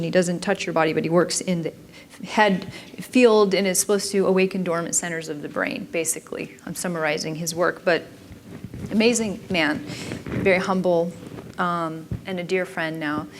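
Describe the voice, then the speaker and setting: A woman's voice: fairly low pitch, steady tone, normal speed, a little hiss or hum. A woman giving an informal talk at a conference in a chatty way, often stopping and restarting her sentences. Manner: chatty, self-interrupting, frequent restarts. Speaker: conference presenter.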